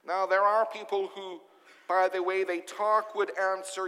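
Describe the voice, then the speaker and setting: A man's voice: high voice, level tone, measured pace, bright, forceful tone, in a large hall. A man preaching a sermon as pastor, emphatic and full of rhetorical questions.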